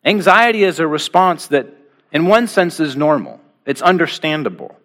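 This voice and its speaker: A man preaching a sermon to his congregation, asking rhetorical questions and slowing down with deliberate pauses on key phrases. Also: fairly high pitch, sing-song, a bit bright. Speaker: pastor.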